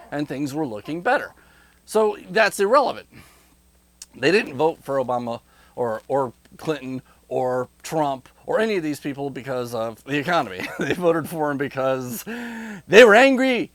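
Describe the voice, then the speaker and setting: Animated man giving a political monologue. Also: high-pitched, no echo. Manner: rhetorical, animated, mocking voices. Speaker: political commentator. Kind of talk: direct-to-camera political monologue.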